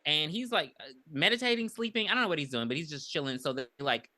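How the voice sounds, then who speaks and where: A woman co-hosting a casual movie review podcast. She walks through the plot in a chatty way and acts out the characters' lines with a lot of life. Her voice is bright and forward. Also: sits low, quick pace. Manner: animated retelling with acted-out quotes. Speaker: podcast co-host.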